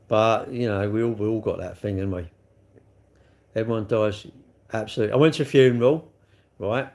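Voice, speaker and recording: A man's voice: fairly low pitch, a little fast, pauses often, darkish tone. A middle-aged man, chatting casually on a livestream and answering viewer comments in a rambling way, full of tag questions.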